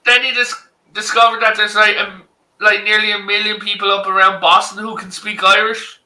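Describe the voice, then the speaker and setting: Brief: man, casual stream guest, animated storyteller, echoey room. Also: high voice, moderate pace. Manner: lively anecdote teller who acts out quoted voices, swears casually. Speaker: guest in a livestream hangout.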